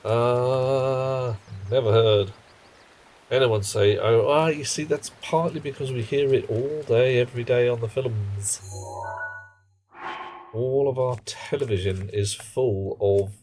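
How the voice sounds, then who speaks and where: A man casually commenting on his game and chatting with viewers on a live stream, in a relaxed, rambling way. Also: mid-range voice, slow pace, slight background noise.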